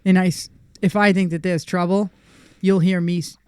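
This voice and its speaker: A woman co-hosting a casual podcast about dogs. Her voice is smooth and clear, and the recording is dry with no room sound. She talks emphatically and acts out stories with lively quoted lines. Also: fairly low pitch, normal speed, dry recording. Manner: emphatic, animated, laughs often, acts out quotes. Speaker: dog trainer, podcast co-host. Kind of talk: casual chat.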